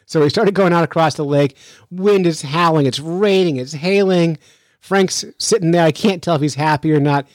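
A man's voice: fairly high pitch, moderate pace, dry recording. Chatty male podcast host, dry sound. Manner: lively, chatty, with frequent restarts. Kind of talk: casual storytelling and news commentary.

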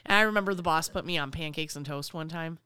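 A woman co-hosting a casual podcast, telling animated stories, acting out the people in them and laughing often. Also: deep voice, fast talker, clear, resonant tone, dry recording. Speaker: podcast co-host. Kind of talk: casual chat.

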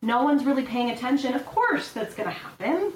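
A woman's voice: high-pitched, sing-song, a little fast. Woman guest, chatty with wry asides, sounds off-mic in an echoey room. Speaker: podcast guest. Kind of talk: casual discussion. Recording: roomy, distant mic with faint noise.

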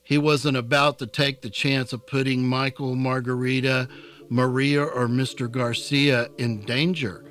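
Slow, calm male audiobook narrator. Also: medium pitch. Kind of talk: scripted narration.

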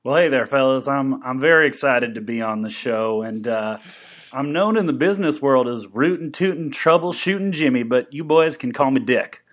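A man's voice: mid-range voice, lively intonation, normal speed, natural voice. A man playing a folksy Texan business mogul. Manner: folksy, drawling, full of catchphrases. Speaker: guest. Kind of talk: improvised comedy podcast.

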